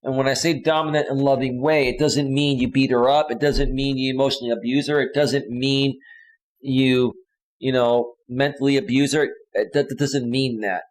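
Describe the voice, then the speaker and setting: A man's voice: mid-range voice, steady tone, normal speed. Man, relationship coach, mid-range voice, casual advice monologue, lecturing. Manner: earnest, lecturing, repetitive.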